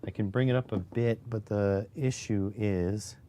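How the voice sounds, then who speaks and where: A man's voice: lowish voice, measured pace, mellow, slight background noise. A man hosting a casual live stream while he codes, losing his voice and muttering to himself between answers to his chat, on a clip-on mic. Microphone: clip-on mic near the chest.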